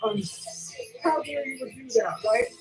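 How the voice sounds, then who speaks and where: A woman's voice: high voice, measured pace, a little mellow, soft background music, rough recording. A woman ranting in blunt, repetitive commentary, often asking "right?" and swearing casually. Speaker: commentary vlogger.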